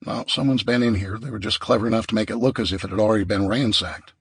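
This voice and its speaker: A man's voice: fairly low pitch, quick pace, breathy edge, dry recording, studio quality. A man voicing a playful, easygoing young male scavenger who teases in an audiobook.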